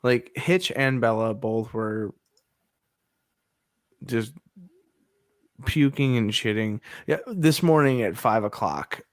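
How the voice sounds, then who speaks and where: Male podcast co-host, 30s, rambling anecdote teller, laughs a lot, mid pitch, dry close sound. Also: slow, long pauses, no room sound. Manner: rambling storytelling, laughs often. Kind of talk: casual chat.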